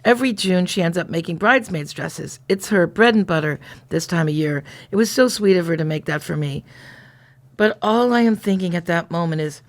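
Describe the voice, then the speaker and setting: A woman's voice: on the low side, fairly quick. A woman co-hosting a comedy show, reading a diary aloud in a playful, mock-innocent way between bits of banter. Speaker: comedy podcast co-host.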